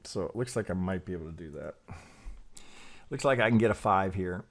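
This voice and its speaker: A trading educator thinks aloud while charting, hesitant and questioning himself, often repeating words and ending lines with "right?". His low voice is animated and fairly quick.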